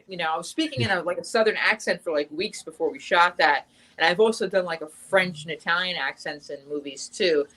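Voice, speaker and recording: A woman's voice: lowish voice, lively intonation, fairly quick, fairly bright tone, slight background noise, rough recording. A young adult woman chatting casually in an interview as the guest actress, talking in long runs with lots of fillers and restarts.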